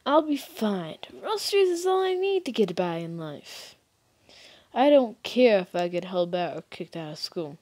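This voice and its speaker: A woman voicing a cocky teenage schoolboy who loves fistfights, talking gruff and taunting while reading a game aloud. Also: mid-range voice, big pitch swings, measured pace, darkish tone. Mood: dismissive. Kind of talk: reading a game's dialogue aloud.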